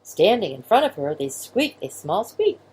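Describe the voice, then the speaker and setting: Children's storyteller, woman; low-ish, husky, very animated read-aloud. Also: a little fast. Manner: expressive, gentle, with sound effects.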